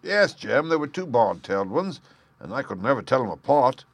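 A man voicing a brisk, huffy countrywoman. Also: medium pitch, very animated, no room sound. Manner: matter-of-fact, slightly huffy. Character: brisk practical countrywoman, the thief's sister.

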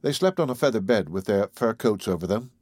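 A man's voice: fairly low pitch, expressive, brisk, darkish tone, no echo. Man narrating an audiobook, dry and close.

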